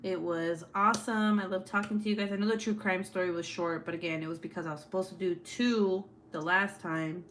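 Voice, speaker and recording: A woman's voice: lowish voice, fairly even intonation, brisk, few pauses, fairly bright tone, a little hiss or hum. Laughing, swearing woman livestream host. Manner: laughs often, swears freely. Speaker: livestream host reading chat. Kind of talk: casual livestream chat.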